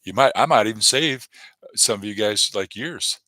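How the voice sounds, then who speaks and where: A man's voice: fairly low pitch, moderate pace, pushed and bright, no room sound. A man hosting his comedy channel on a live stream, chatting casually and rambling between jokes with lots of fillers. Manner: rambling, jokey, many fillers.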